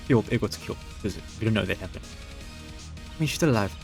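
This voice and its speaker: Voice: mid-range voice, lively intonation, a little fast, vocal fry, pauses often, soft background music. A let's-play player making wry, joking asides while playing a fan visual novel. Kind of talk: casual gameplay commentary.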